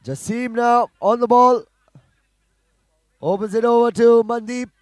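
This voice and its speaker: A man giving live play-by-play commentary on a football match, calling passes quickly and rising to shouts at goals. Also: very high-pitched, fairly even intonation, no room sound, clean studio sound.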